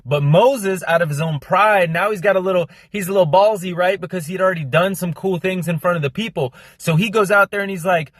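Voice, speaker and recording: A young man explaining a Bible story in a fast, casual, slangy monologue, cramming it in with lots of energy. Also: high-pitched, no room sound, studio quality. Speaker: Christian content creator.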